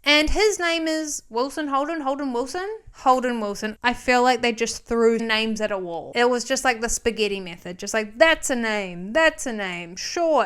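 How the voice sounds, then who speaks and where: A woman's voice: a little high, clean tone. A woman vlogger giving a casual movie recap, chatty and sarcastic, wandering off on tangents.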